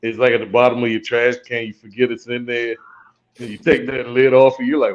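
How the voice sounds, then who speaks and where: A man's voice: mid-range voice, flat delivery, fairly quick, lo-fi sound. A man co-hosting a casual movie chat, with wry, crude humor. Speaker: podcast co-host.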